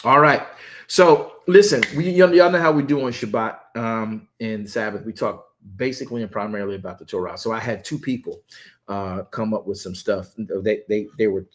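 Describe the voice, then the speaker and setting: Guy preaching on a stream, animated, keeps repeating himself, jokes around. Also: on the low side, moderate pace. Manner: animated, repeats words, playful asides. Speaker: pastor leading online Sabbath study. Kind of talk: lively sermon and livestream chat.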